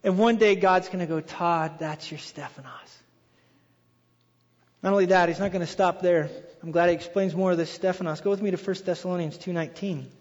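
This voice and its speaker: A man preaching a sermon as pastor, telling stories in an animated way and acting out quoted voices. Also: sits high, quick pace, few pauses. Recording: dull reverberant hall sound.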